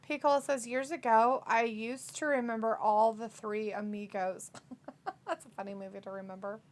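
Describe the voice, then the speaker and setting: A woman's voice: a little high, fairly even intonation, moderate pace. A woman, co-hosting a wrestling watch-along, reading chat messages aloud, teasing and laughing often.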